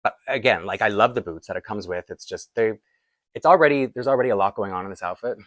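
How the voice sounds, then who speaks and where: A quick-paced, lowish male voice, a bit bright, with no echo. The speaker, a Canadian-accented doll collector vlogger, chats his way through an unboxing, rambling along with frequent small laughs between asides.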